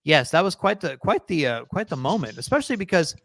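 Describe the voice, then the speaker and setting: A man's voice: fairly high pitch, very animated, a little fast, fairly bright tone, dry recording. A man co-hosting a casual podcast, rambling along and correcting himself as he goes. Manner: rambling, self-correcting, laughs easily. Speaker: podcast co-host.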